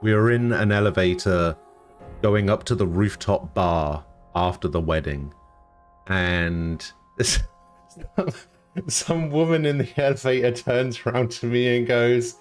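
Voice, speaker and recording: A British man streaming live, chatting casually with dry, deadpan humor and some swearing as he answers chat. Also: medium pitch, a little slow, faint music behind.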